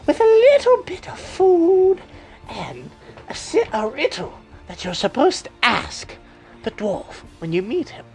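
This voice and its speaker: A woman voicing an impatient old male village elder with a squeaky, shouting voice. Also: huge pitch swings, a little slow, over music, heavily acted.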